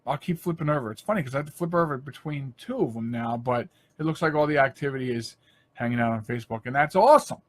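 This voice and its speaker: A middle-aged man hosting his own show, telling stories in a rambling, animated way with lots of restarts and fillers. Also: medium pitch, fast talker. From Delaware, USA. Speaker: podcast host. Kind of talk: casual live-stream monologue.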